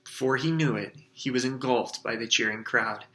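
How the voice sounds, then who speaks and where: A man reads a storybook aloud for his class, lively and expressive. His voice is bright and clear, in an ordinary middle pitch. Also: normal speed.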